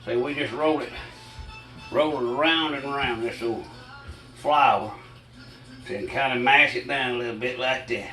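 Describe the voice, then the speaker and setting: A man's voice: mid-range voice, unhurried, long pauses, sharp tone, echoey room, recorded from a distance, soft background music, poor audio. An older man with a Southern US accent, chatting folksily to viewers as he demonstrates a recipe in his home kitchen, a bit short of breath. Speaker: cooking channel host. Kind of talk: casual home cooking demonstration.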